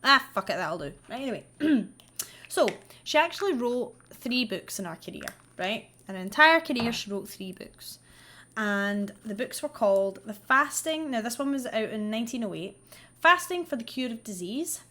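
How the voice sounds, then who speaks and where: A woman's voice: a little high, expressive, moderate pace, pushed and bright, slight background noise. Woman vlogger, casual and sweary storyteller with wry asides. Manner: doing her makeup while she talks. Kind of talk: casual true-crime storytelling.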